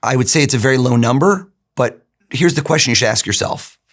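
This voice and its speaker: A man's voice: medium pitch, a little fast. A middle-aged man, an interview guest, telling stories animatedly and acting out what others said. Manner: animated storyteller, acts out quoted lines. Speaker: guest, mentalist. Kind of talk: conversational interview storytelling.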